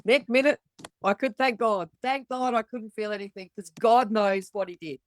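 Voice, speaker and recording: A woman's voice: on the high side, normal speed. A middle-aged woman with an Australian accent, a podcast guest telling her story candidly and bluntly, swearing freely and acting out the voices of others.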